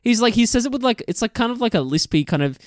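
A man co-hosting a casual film review chat, animated and quick to laugh and swear. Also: extremely high pitch, background noise. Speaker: podcast co-host, film reviewer.

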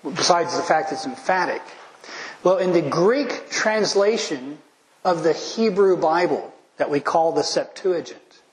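A man's voice: a little high, lively intonation, measured pace, roomy sound, poor audio. A man preaching a methodical expository sermon as pastor, listing his points and verse references and leaning hard on key lines.

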